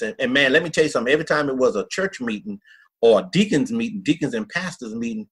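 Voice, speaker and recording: Middle-aged male pastor, husky voice, folksy and earnest storyteller, podcast guest. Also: mid-range voice, animated, fast, fairly bright tone. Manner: earnest, folksy storyteller who acts out quotes.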